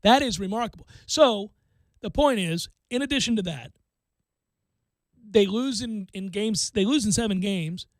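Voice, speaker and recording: A man hosting a sports talk radio show, excitable and animated, acting out quotes and laughing often. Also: high voice, measured pace, no room sound.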